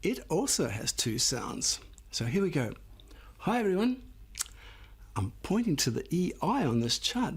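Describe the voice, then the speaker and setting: An older man gives a phonics lesson with a slightly husky voice, drawing out each word slowly for young learners. His pitch rises and falls in a lively, encouraging way. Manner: patient, encouraging, sounds out words one by one. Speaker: phonics teacher. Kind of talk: slow classroom phonics lesson.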